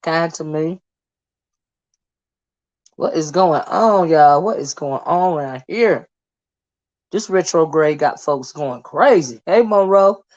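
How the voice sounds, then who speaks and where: A woman hosting a casual livestream and greeting her viewers by name in a folksy, chatty way. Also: sits low. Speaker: livestream host. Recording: dull lo-fi stream audio.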